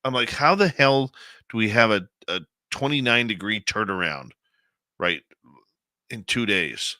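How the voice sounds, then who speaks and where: A man's voice: lowish voice, animated, unhurried, bright, forceful tone, no echo, studio quality. A man hosting a live radio show in casual chat, greeting listeners and reading their comments aloud on a headset microphone.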